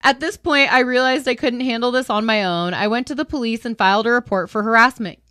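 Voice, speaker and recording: A bright-toned young woman with a slightly high voice hosts a casual show, reading out online stories and breaking in with emphatic reactions. She talks straight to her viewers in a chatty way. The sound is close and dry, with no room around it. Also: a little fast, no echo. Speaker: host.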